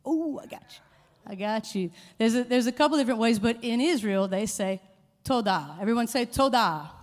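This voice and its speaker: A woman's voice: fairly high pitch, animated, a little fast. A woman leading a congregation in a light, playful talk, quizzing the audience and getting them to call out answers. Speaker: worship leader giving a short church talk. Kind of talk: informal sermon with audience call-and-response. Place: church hall with a live congregation. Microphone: handheld microphone. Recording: long hall reverb.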